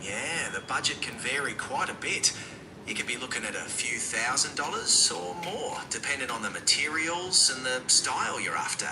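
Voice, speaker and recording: A man's voice: medium pitch, animated, normal speed, echoey room, background noise. A synthetic man's voice with an Australian accent, answering questions in a laid-back, slangy, noncommittal way. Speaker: AI voice assistant. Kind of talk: conversational answers.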